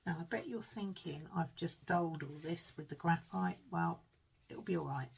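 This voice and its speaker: A woman's voice: on the low side, normal speed, gravelly, slightly rough, poor audio. A woman chatting through a card-making tutorial at her craft table, rambling and self-deprecating as she mutters to herself while she works.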